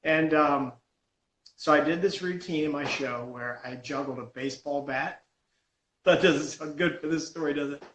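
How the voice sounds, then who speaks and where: A man, a stunt comedian, telling a story in a lively, self-mocking way on a podcast. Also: fairly high pitch, normal speed, reverberant, poor audio. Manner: animated storyteller, laughs at himself. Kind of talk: casual storytelling on a podcast call.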